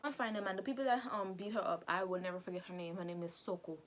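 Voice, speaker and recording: A woman vlogger retelling a story in casual chat while doing her makeup, talking in an animated, chatty way and acting out characters' lines. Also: fairly low pitch, fast, a little hiss or hum. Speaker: vlogger recapping an anime.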